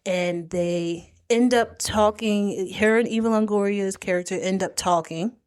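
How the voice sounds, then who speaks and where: A woman's voice: medium pitch, unhurried, clean tone. A woman co-hosting a podcast, recapping a movie in casual chat and acting out the characters' lines. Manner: animated storytelling, acts out characters' lines. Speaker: podcast co-host.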